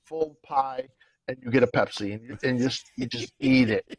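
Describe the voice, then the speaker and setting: A man's voice: mid-range voice, normal speed, no echo, low-quality recording. A middle-aged man from Brooklyn, chatting casually as a comedian guest and telling stories animatedly. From Brooklyn, New York. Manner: animated storyteller, acts out quotes. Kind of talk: casual chat. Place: home, remote call.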